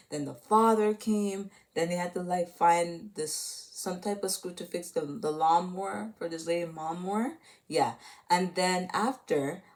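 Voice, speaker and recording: Lady talking through a movie she watched, kinda low voice, rambly, lots of "like". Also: darkish tone. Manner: rambling, full of "like" and restarts. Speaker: channel host. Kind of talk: casual movie recap.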